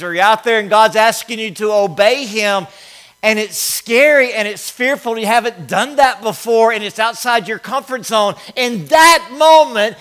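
A man's voice: sits high, fairly bright tone. A male pastor preaching a sermon to his congregation, repeating lines with emphasis. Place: church sanctuary.

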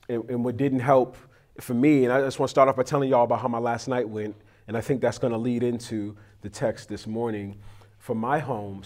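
Guy pastor, talky sermon, tells stories from home, mid pitch. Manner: conversational, confessional, animated storytelling. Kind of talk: sermon with prayer.

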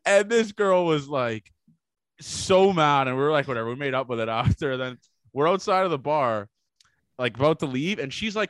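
Swearing a lot and mimicking other people's lines, this man spins rambling party tales as a podcast co-host. His voice sits on the high side, clear and resonant, fairly bright, with lively intonation at normal speed in a dry recording.

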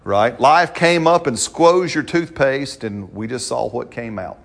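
A man's voice: medium pitch, unhurried, creaky, noisy background. A man preaching a sermon in a conversational, playful way, acting out quotes and laughing along with the congregation.

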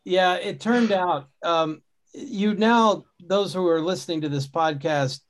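A man's voice: sits high, unhurried. A man hosting a casual podcast conversation, talking in a rambling way with many restarts and fillers. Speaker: podcast host.

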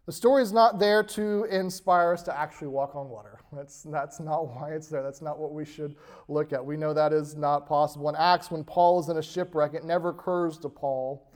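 A man preaching a sermon, reading scripture aloud and stressing key words before letting phrases trail off softly. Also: on the high side, fairly even intonation. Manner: slow, emphatic preaching with soft trailing endings. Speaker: pastor.

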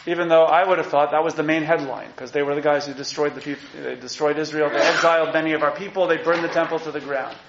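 A man teaching an evening Bible class to a room of students, animated and acting out the prophets' cries as he reads. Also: a little high. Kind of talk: evening Torah class lecture. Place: classroom with live audience. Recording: echoey room, dull lo-fi sound.

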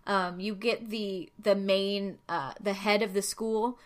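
A woman's voice: mid-range voice, steady tone, slow pace. A woman hosting a casual chat, explaining at length with many fillers. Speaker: host.

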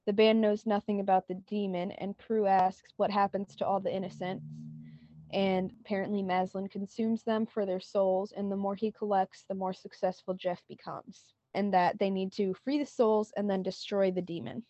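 A woman's voice: medium pitch, little pitch movement, moderate pace, mellow, dry recording, muffled recording. A woman co-hosting a podcast, retelling a TV scene in casual chat and quoting lines with lots of "like". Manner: retells scenes with many "like" quotes. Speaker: podcast co-host.

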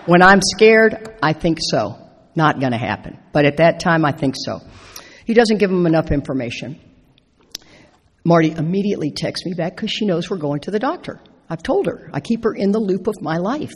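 A middle-aged woman telling a personal story as a speaker at a recovery convention, animated and laughing as she acts out her own lines. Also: lowish voice, moderate pace, slightly rough. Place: large convention hall. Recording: echoey hall reverb.

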